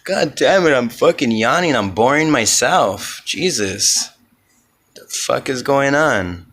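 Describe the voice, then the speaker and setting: A man's voice: medium pitch, expressive, slow, fairly bright tone. A man hosting a solo comedy podcast, rambling in an offhand way and swearing often.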